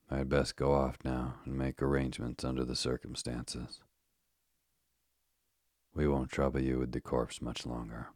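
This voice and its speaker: A man's voice: extremely low pitch, darkish tone, no room sound, studio quality. A man reading the part of a burly, cheerful and callous male asylum keeper who talks in a colloquial, offhand way.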